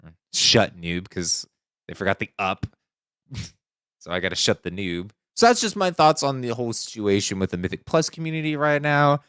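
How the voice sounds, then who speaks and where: Smooth-voiced indignant male streamer. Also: mid-range voice, very animated, moderate pace, a bit bright, dry recording, clean studio sound. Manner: earnest and indignant, repeats points. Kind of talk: casual commentary to camera.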